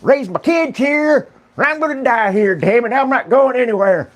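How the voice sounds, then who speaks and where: A man's voice: very high-pitched, expressive, normal speed, fairly bright tone, slight background noise, voice pushed up. A man voicing a stubborn, defiant old rural American man who refuses to leave his home. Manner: defiant, cranky.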